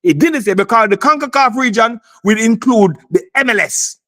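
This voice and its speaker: Insistent high-pitched man arguing. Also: lively intonation, normal speed, a bit bright. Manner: insistent, repeats himself, talks over others. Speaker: sports talk panelist. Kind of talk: heated sports debate.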